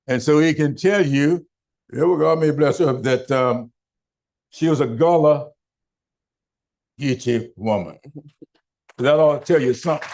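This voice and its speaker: Older man, slow measured speech, fairly high voice, town hall address. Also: creaky, a little mellow. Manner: slow, deliberate oratory with emphatic pauses. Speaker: political speaker.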